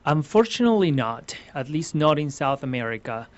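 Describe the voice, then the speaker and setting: With a fairly high, very animated voice, a Venezuelan man who instructs ballroom dance speaks briskly. He responds to interview questions in earnest, explaining step by step and restarting many times. The sound is slightly muffled and lo-fi.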